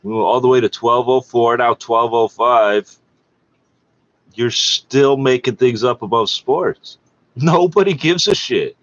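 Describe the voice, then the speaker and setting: A man's voice: medium pitch, measured pace. A man from Canada, hosting a podcast, rants angrily and sarcastically at a local radio broadcast, swearing constantly and mocking what he hears. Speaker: podcast host reacting to radio. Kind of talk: angry profane rant. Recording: dull lo-fi recording.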